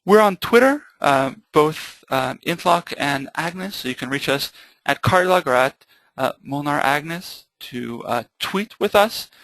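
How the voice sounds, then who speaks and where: A man's voice: fairly high pitch, lively intonation, unhurried, a bit bright, no echo, poor audio. A man hosting a webinar, introducing the guest speaker in an upbeat way with frequent fillers. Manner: upbeat, many filler ums and uhs. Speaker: webinar host.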